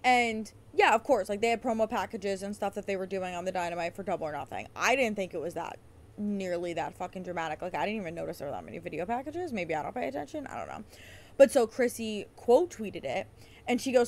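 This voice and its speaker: A woman's voice: mid-range voice, expressive, a little fast. A woman hosting a podcast, ranting in a heated, sarcastic way and swearing often. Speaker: podcast host. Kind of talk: casual profane rant.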